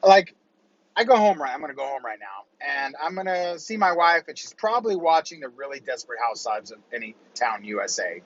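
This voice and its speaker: A middle-aged real estate coach gives a casual motivational monologue, rambling and conversational, often checking in with a quick "right?". His voice is medium-pitched and very animated, and the recording sounds muffled.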